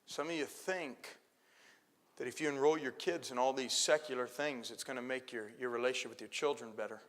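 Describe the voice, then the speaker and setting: Preacher guy giving a sermon, bright punchy voice, goes from hushed to shouting, big church echo. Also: mid-range voice, fairly even intonation, fairly quick. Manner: storytelling preacher, swinging from hushed asides to shouted points. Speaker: pastor. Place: church sanctuary. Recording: long church hall reverb.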